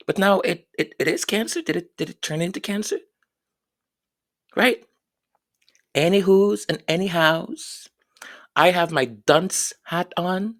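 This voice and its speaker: Gravelly, sarcastic woman commentator. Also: mid-range voice. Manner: mocking, mimics others in quoted asides; repeats words for effect. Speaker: royal commentary host.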